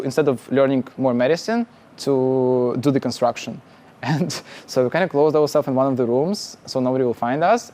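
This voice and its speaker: A young man from Russia, a startup founder telling his story casually in halting, English. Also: medium pitch, warm tone. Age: young adult. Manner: halting, many restarts and laughs, plain non-native phrasing.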